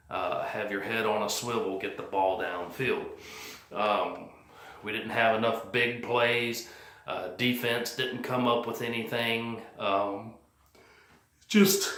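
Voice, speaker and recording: A man's voice: fairly low pitch, pushed and bright, roomy sound. A man vlogging his post-game thoughts on his team, rambling and plain-spoken with many fillers. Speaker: sports fan vlogger. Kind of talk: casual post-game commentary. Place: cold house, indoors.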